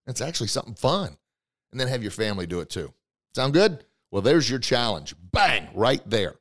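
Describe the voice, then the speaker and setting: A man hosting a motivational podcast, coaching listeners directly with excitement and bursts of emphatic shouting. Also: mid-range voice, moderate pace. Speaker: podcast host.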